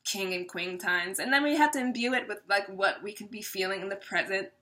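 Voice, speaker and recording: A woman's voice: mid-range voice, fairly quick, pushed and bright. A woman giving a casual tarot reading to her viewers, chatty and laughing often, slipping into little voices as she talks things through. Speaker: tarot reader.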